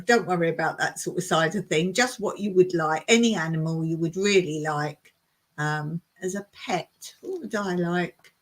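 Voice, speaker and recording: Slow, chatty woman hosting a live chat. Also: on the low side, fairly bright tone. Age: older. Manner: chatty, laughs often, reads viewer comments aloud. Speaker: live stream host. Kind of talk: casual live chat reading comments.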